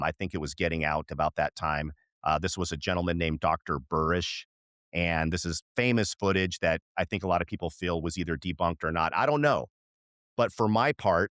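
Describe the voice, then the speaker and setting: Middle-aged male podcast co-host, low-pitched, animated storyteller who acts out the lines of people in his story. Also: no echo, studio quality. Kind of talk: casual storytelling chat.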